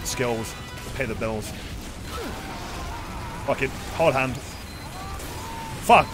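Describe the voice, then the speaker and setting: A young man giving live, excitable commentary on his own gameplay as a streamer, swearing and yelling at the screen. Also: medium pitch, extremely slow, over music. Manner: excitable, swears a lot, yells at the game.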